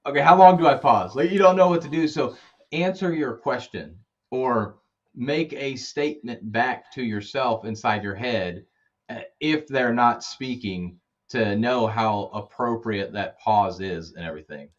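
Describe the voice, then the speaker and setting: A man who is a guest expert on communication, calmly explaining advice and acting out example phone lines. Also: mid-range voice, unhurried, highs cut off. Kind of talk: casual advice in a podcast interview.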